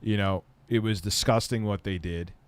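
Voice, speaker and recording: A man's voice: fairly low pitch, fairly even intonation, normal speed, clear, resonant tone. A man answering viewer questions on a casual live stream, blunt and rambling, often heated and swearing.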